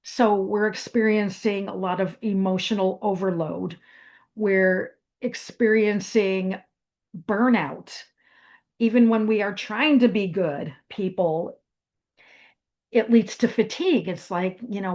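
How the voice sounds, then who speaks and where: A woman's voice: mid-range voice, measured pace, darkish tone, muffled recording. A woman giving a reflective talk on meditation, speaking with fillers and restarts. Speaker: meditation teacher. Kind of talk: spoken wellness talk.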